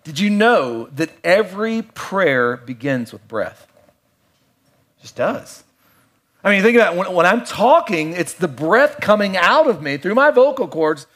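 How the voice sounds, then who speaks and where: A middle-aged man with a voice pitched a little above most men preaches in a loose, conversational way. He mixes playful asides with hushed, reflective stretches. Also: sing-song, unhurried. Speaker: pastor. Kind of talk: sermon.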